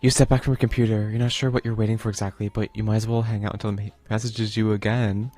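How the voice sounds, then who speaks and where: A man's voice: fairly low pitch, flat delivery, quick pace, mellow. A man streaming a video game, chatting casually in a rambling, playful way full of fillers, and reading the game text aloud.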